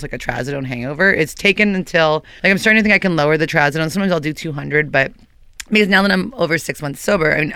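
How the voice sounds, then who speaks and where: A woman's voice: low voice, a bit bright, clear, resonant tone, no echo. A woman talking candidly as a guest, rambling in a hyper, restless way, recorded on a dry close mic. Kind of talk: candid personal talk.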